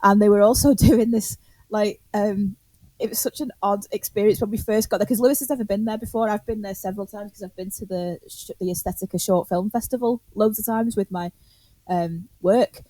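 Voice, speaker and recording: A woman's voice: mid-range voice, fairly even intonation, brisk, dark tone, no room sound. A woman tells a story on a podcast in casual chat. She laughs often, swears freely and acts out the quotes. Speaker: podcast co-host.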